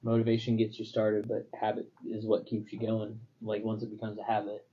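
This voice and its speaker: A young man with a husky voice, chatting as a podcast co-host. He tells stories in a loose, rambling way, full of fillers. The recording sounds a little dull and lo-fi. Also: lowish voice, completely flat delivery, fairly quick. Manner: rambling, filler-heavy storytelling. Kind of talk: casual chat.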